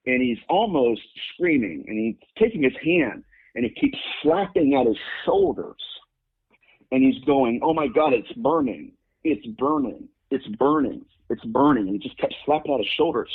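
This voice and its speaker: A man telling a story as an interview guest, acting out the people in it with sudden jumps in pitch. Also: husky. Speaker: guest demonologist. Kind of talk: animated storytelling. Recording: phone-like lo-fi audio.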